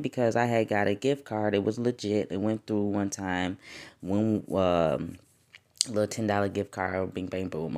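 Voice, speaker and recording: A woman hosting her own podcast, telling a personal story in a loose, animated way, swearing freely and laughing often, her pitch and volume swinging widely. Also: creaky. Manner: wide swings in pitch and loudness. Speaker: podcast host. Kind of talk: casual spiritual podcast monologue.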